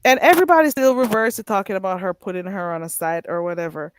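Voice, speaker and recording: Reading out viewer comments on her live stream, this woman chats and gossips with lively energy, stretching out frequent "ooh"s. Her voice sits in the middle range, with a slight hiss or hum in the recording.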